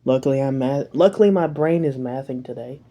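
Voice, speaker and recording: A man's voice: medium pitch, brisk, mellow, muffled recording. A man casually reacting to a video at home, rambling, swearing and making self-mocking jokes.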